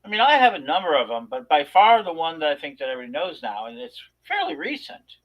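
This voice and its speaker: A man on a talk show telling a long personal story in a rambling, animated way, with many restarts. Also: a little high, fast, low-quality recording. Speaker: podcast co-host. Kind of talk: casual storytelling chat.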